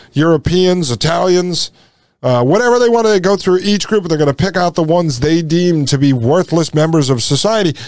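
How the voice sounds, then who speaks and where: Give me an indignant male host reading aloud and mocking what he reads, slightly high-pitched and dry. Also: no room sound. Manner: indignant, sarcastic asides between quoted passages. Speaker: podcast host. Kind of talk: commentary reading aloud from an article.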